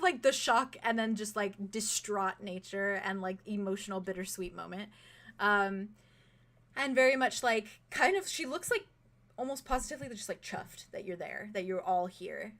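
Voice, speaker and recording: A woman's voice: medium pitch, animated, normal speed, a bit bright. A woman narrating as game master, chatty and giggly, with many fillers and some swearing.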